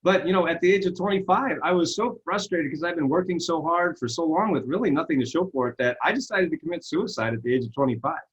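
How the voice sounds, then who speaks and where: A man's voice: fairly high pitch, fast, few pauses, breathy edge, lo-fi sound. A man telling stories in a casual interview, earnest and self-deprecating, over a video call. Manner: earnest storytelling, self-deprecating, animated retellings. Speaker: interview guest, success coach.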